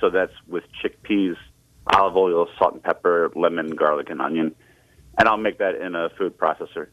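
A man with a very deep voice phones in to a radio show, working through what he says haltingly with many pauses. The audio is a thin, tinny phone line that sounds dry and close. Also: steady tone, dry recording. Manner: halting, lots of fillers. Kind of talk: casual phone chat.

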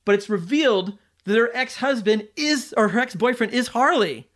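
Speaking at a moderate pace, this high-voiced podcast host walks through a movie's plot in a laid-back, conversational way. His delivery rambles, with frequent restarts, backtracking and filler words.

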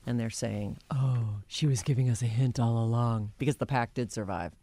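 A woman co-hosting a morning radio show, chatty and quick to laugh. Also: a bass voice, dark tone. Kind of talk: casual radio chat.

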